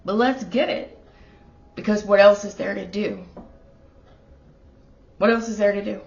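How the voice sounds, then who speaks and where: A woman's voice: mid-range voice, fairly even intonation, unhurried, gravelly, a little mellow. A woman doing a casual tarot reading in her apartment, speaking in a middle-range voice with a heartfelt, emotional manner. She talks straight to the listener, and the home recording sounds a little dull and lo-fi. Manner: earnest, emotional, talking straight to the viewer. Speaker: tarot reader.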